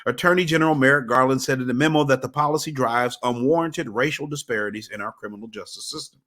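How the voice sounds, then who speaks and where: A man co-hosting a casual political talk show, with a middle pitch. He reads news items at a measured pace and drops in wry remarks between them. The recording is dry and close. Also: fairly bright tone, no room sound. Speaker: podcast co-host. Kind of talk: casual political chat, reading news aloud.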